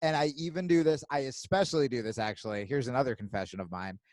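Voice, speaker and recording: A man hosting a podcast, telling stories in a casual, profane, animated way. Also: medium pitch, fast talker, no echo. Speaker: podcast host.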